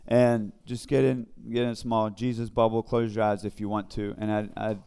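A man leads a small Bible study in a relaxed, conversational way, pausing and restarting often. His voice sits low and sounds mellow and smooth. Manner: conversational, halting with fillers and restarts. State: briefly emotional. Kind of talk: informal devotional teaching.

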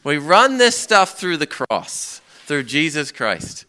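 A man's voice: fairly high pitch, takes it slowly. A middle-aged man preaching a sermon, acting out people's outbursts and prayers as he speaks. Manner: animated, acts out quoted people and prayers.

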